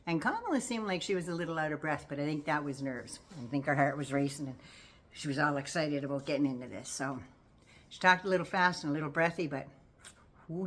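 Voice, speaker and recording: An older woman giving casual, folksy political commentary to her viewers in a sassy, teasing way. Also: low-pitched.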